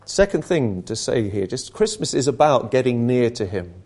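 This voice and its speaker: A man's voice: mid-range voice, sing-song, moderate pace, darkish tone. A man preaching an impassioned sermon, asking rhetorical questions and repeating phrases for emphasis.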